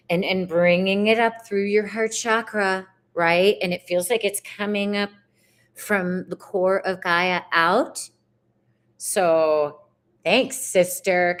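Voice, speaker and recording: A woman's voice: medium pitch, fairly bright tone. A woman giving a casual, chatty tarot reading on a live stream from her home, with spiritual slang and the odd swear word. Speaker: tarot reader. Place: home on a mountainside.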